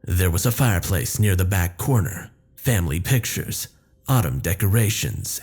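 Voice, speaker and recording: A man narrating a first-person horror story in a measured, descriptive way. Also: low-pitched, a little mellow.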